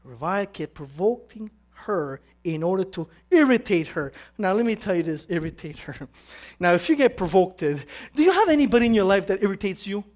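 A woman preaching with animated, conversational energy. She keeps asking her congregation questions as she goes. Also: mid-range voice, moderate pace. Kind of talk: sermon.

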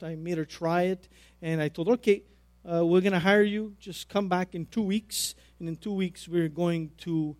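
In a high-pitched voice, a middle-aged man tells a personal story as part of a sermon, repeating key phrases and moving sharply between loudness and quiet. No room sound is audible.

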